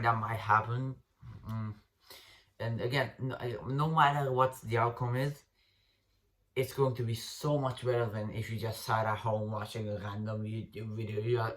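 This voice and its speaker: A man's voice: lowish voice, a bit bright. A man giving dating advice in a casual, unscripted rant, blunt and profane, rambling with restarts and calling the listener bro.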